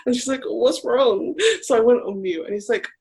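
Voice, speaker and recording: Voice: medium pitch, fast talker, warm tone, slight background noise. A podcast co-host in casual chat, telling a personal story and acting out quoted lines, with lots of "like". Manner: rambling storyteller who acts out quoted lines, heavy use of "like".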